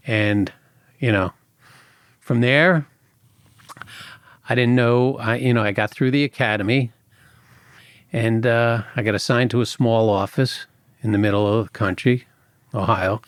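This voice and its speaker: A man, a former agent telling lively stories in a podcast interview and acting out other people's voices. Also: mid-range voice, unhurried, pauses often, no echo, clean studio sound. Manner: animated anecdotes, acts out other people's voices. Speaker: former FBI agent guest.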